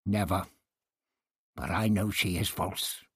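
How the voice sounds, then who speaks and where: Brief: man reading a scowling priest villain, husky snarl, animated swings, over soft music. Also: fairly high pitch, takes it slowly, no room sound, clean studio sound, pitched above the performer's own voice, heavily acted. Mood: menacing. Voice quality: growling, snapping. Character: menacing scheming male high priest villain. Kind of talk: audiobook character reading.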